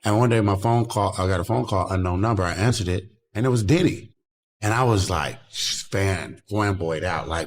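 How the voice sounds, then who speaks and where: A man casually telling a story as a podcast guest, animated and acting out the lines he quotes. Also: low-pitched, normal speed.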